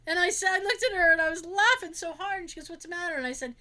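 A woman's voice: very high-pitched, lively intonation, fast talker, bright, forceful tone, slight background noise. A young woman casually telling family stories, acting out relatives' voices, laughing and swearing as she goes. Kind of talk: casual storytelling chat.

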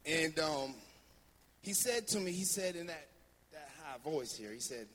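A male preacher from New Jersey tells a story in a bright, high voice that swings lively up and down. He speaks loosely, with many fillers. The sermon echoes through a reverberant church hall. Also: unhurried, a little hiss or hum. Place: church sanctuary.

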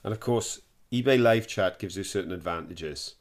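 A man's voice: low-pitched, moderate pace. A middle-aged man with a Welsh accent, co-hosting a podcast in casual chat and giving practical tips. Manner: chatty, practical, gives tips. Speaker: podcast co-host.

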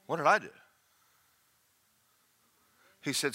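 An older man preaching a sermon, swinging between hushed asides and slow, emphatic lines. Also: fairly low pitch, lively intonation. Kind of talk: sermon with personal testimony.

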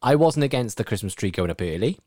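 A man's voice: on the low side, very animated, fast talker, a little mellow, no room sound, studio quality. A man presenting on community radio over a video call, chatting casually, laughing easily and reading out tributes.

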